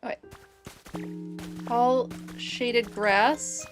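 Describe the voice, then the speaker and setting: Nerdy woman streamer gabbing w/ chat while she plays, high voice, bit of music behind. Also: extremely slow. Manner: chatty, nerdy, laughs often. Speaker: streamer and biologist. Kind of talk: casual game livestream chat.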